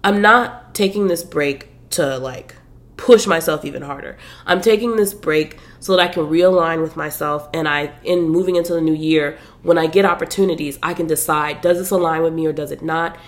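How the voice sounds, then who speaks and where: A woman's voice: sits low, normal speed. A woman hosting a podcast, chatting casually about the books she's reading, full of slang and fillers. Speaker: podcast host.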